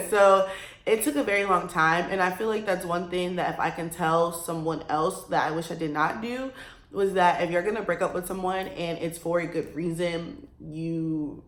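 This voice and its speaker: A young woman in her twenties talks to her viewers in a loose, confessional way, wandering through her thoughts and laughing now and then. Her voice sits slightly low for a woman, and the room gives it a noticeable echo. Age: 20s. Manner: rambling, candid, laughs between remarks. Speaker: vlogger. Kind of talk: casual confessional chat.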